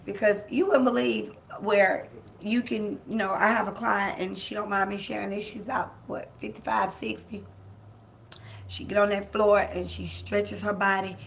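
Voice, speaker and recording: A woman's voice: medium pitch, fairly even intonation, moderate pace, creaky, slight background noise. A woman life coach hosting a live-streamed motivational talk. She speaks emphatically, repeats key phrases, and talks straight to her audience. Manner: laughs easily, chats with people in the room. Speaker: life coach and show host.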